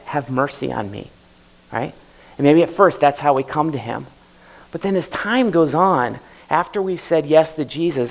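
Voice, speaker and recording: A man's voice: on the high side, gravelly, low-quality recording. A man preaching a sermon as pastor, in a conversational way, often acting out prayers in the first person. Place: church service.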